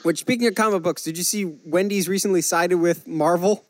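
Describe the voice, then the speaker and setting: A man co-hosting a casual chat show, animated and joking with quick asides. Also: high voice, no echo. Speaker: podcast co-host.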